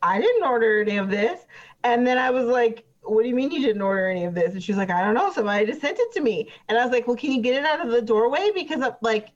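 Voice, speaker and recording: A woman's voice: fairly high pitch, animated, fast talker, close to an everyday voice. A woman voicing a chatty, petty witness who rambles with many fillers and gets defensive. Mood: exasperated. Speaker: player voicing a trial witness. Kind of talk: improvised tabletop role-play. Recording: dull lo-fi recording.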